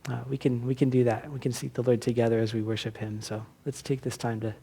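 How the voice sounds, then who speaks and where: A man's voice: mid-range voice, flat delivery, fast, vocal fry, dark tone, husky. A man preaching as pastor at a church service, earnest and exhorting, often restarting his words. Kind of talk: sermon.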